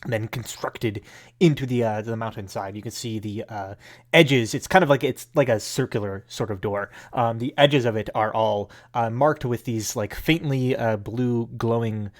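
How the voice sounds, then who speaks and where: A man's voice: mid-range voice, moderate pace. A man running a tabletop game as game master, describing scenes and explaining rules with many uhs and likes.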